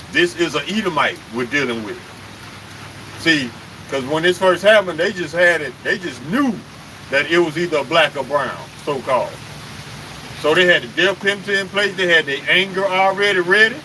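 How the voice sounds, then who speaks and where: A man preaches with heat and pushes every point home with pointed rhetorical questions. His voice sits high and rings sharp and forceful. A faint hiss runs underneath. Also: rough recording. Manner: emphatic and confrontational, with rhetorical questions and cursing. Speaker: street preacher leading a live stream. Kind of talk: impassioned live-stream preaching.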